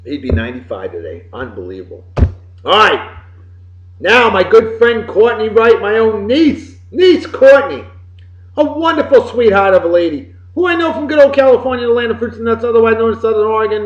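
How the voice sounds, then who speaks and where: A man from Massachusetts, hosting a show and giving folksy, boisterous birthday shout-outs. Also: high voice. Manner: boisterous and folksy, swinging loud and soft. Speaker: podcast host. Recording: roomy, slightly dull lo-fi recording.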